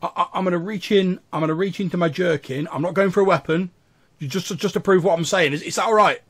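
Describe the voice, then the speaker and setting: A man voicing a frightened male drug runner in a tabletop game, stammering and pleading in rushed bursts. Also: on the high side, fairly even intonation, creaky, a bit bright, voice pushed up.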